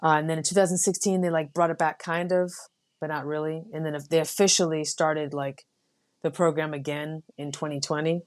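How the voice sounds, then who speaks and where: A young adult woman from the United States, a Marine officer guest, telling stories in a relaxed, casual way with many fillers. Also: sits low, a little fast. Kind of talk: casual interview.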